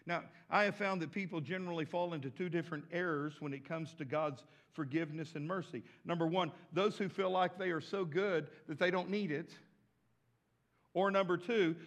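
A pastor from the States, preaching a sermon with emphatic rises and repeated words. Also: male voice, high voice. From southern United States.

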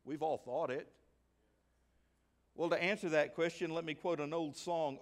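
Animated high-voiced male pastor preaching. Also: moderate pace, long pauses. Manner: animated, acts out voices and asks the congregation questions. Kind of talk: sermon.

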